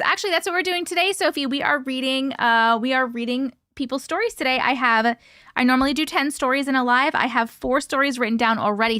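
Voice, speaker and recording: A woman hosting a casual livestream, reading viewer comments aloud and greeting people by name, playful and quick to laugh. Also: sits high, fairly bright tone, no room sound, studio quality. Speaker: livestream host.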